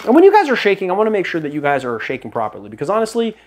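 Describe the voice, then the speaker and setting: A man's voice: sits high, wildly swooping pitch, racing, very noisy. A man hosting a casual cocktail how-to from his home bar studio, chatty and self-deprecating with rambling asides. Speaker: bartender host.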